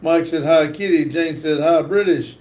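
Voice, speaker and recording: A man's voice: fairly high pitch, moderate pace, darkish tone. A man hosting a casual livestream, reading viewers' comments aloud. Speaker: livestream host.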